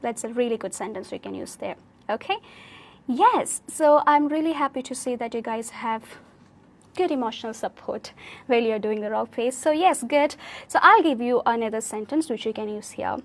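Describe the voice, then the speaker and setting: A woman's voice: a little high, normal speed. A woman with an Indian English accent teaching a live online speaking class, encouraging and correcting students' sentences, often checking with "okay?".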